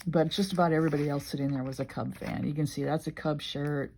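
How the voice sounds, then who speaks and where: In a low-pitched, mellow voice at a moderate pace, an older Illinois woman rambles emotionally and conversationally while flipping through her journal for her vlog. A little hiss or hum sits in the recording.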